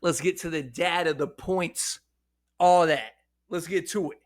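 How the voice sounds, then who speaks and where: Excitable man with a shaky voice. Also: on the high side, measured pace, dry recording, clean studio sound. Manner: excitable, blunt and profane, talks straight to viewers. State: shaky voice after hours of hiccups. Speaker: fantasy football content creator. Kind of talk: casual fantasy football talk to camera.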